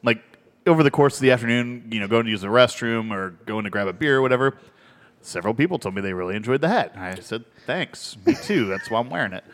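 A man's voice: mid-range voice, expressive, fast talker, fairly bright tone, big-room sound. A man co-hosting a casual podcast, telling rambling, profane stories between laughs. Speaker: podcast co-host. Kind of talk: casual beer podcast banter.

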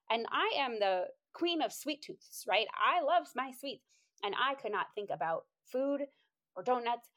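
Brief: woman, slightly higher voice, lively motivational storyteller who acts out her own quotes. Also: moderate pace. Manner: animated, quotes herself in high voices, laughs often. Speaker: inspirational speaker.

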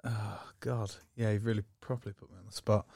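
Male co-host, dry quipping style, mid-pitch voice, close dry recording. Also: little pitch movement, fairly quick, gravelly, darkish tone, no echo. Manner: dry one-word quips. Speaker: podcast co-host. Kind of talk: casual banter.

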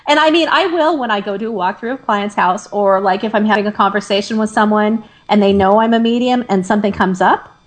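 A woman's voice: medium pitch, fast, few pauses. A woman who works as a medium, chatting casually and candidly about her readings. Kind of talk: casual chat.

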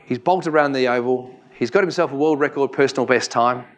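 Australian man, 40s, easygoing seminar presenter, mid-pitched voice. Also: brisk. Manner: chatty, jokey, asks the audience questions. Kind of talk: live talk to an audience. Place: room with a live audience.

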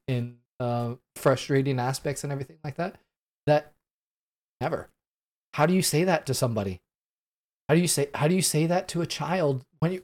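A man in his late thirties giving solo commentary on news events, talking in an earnest, halting way with many fillers and restarts. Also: fairly high pitch, darkish tone. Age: late 30s. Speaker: podcast host.

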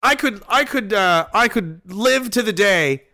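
A man's voice: high voice, expressive, a little slow, bright, forceful tone. A Canadian man on a live stream, ranting angrily about politics in a profane, heated way. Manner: profane, heated, mocking voices of others. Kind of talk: angry political rant.

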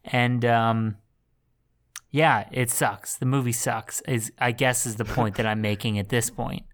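A man's voice: medium pitch, fairly even intonation, a little slow. A man co-hosting a podcast, recapping a movie in casual chat with dry sarcasm. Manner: sarcastic, dry, does silly impressions. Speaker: podcast co-host.

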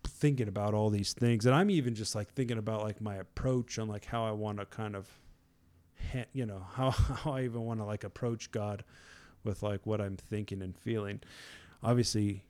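A man's voice: on the low side, steady tone, moderate pace, a little mellow. Rambling man sharing a casual devotional. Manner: rambling, conversational, many fillers and restarts; chuckles often. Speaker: devotional speaker.

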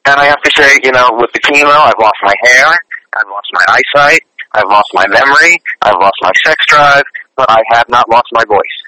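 A man's voice: medium pitch, normal speed, pushed and bright, rough recording. A man guesting on an interview, a singer who tells his stories in an earnest, chatty way. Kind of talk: casual interview storytelling.

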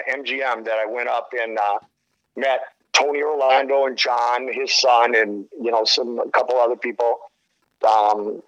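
A man's voice: medium pitch, fairly bright tone, low-quality recording. A middle-aged man, a sports commentator on a podcast as a guest, telling stories casually, acting out quotes and laughing often. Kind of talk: casual storytelling.

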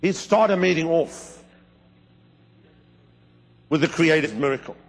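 A middle-aged male preacher delivering a fervent sermon, his voice set a little high and somewhat husky. He tells stories with sudden leaps upward in pitch and volume. The sound rings with the long reverb of a large church hall. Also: lively intonation, measured pace.

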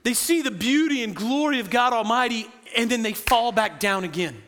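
A man preaching a sermon to his congregation, animated and full of quick asides to the listeners, recorded in a church sanctuary. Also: extremely high pitch, long reverb tail. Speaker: pastor.

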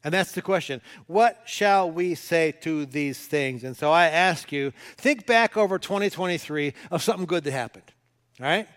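A man's voice: fairly high pitch, moderate pace, fairly bright tone. A male pastor preaching a sermon, talking casually and coaxing the congregation to read scripture aloud with him. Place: church sanctuary. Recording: long hall reverb.

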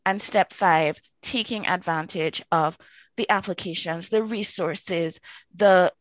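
A woman telling a long story in a chatty, animated way, full of asides, now and then jumping up into high excited voices. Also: slow, no room sound. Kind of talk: casual storytelling to camera.

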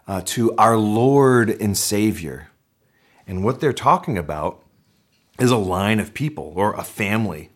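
A man, a pastor, preaching a conversational sermon with animated delivery and frequent restarts. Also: fairly low pitch.

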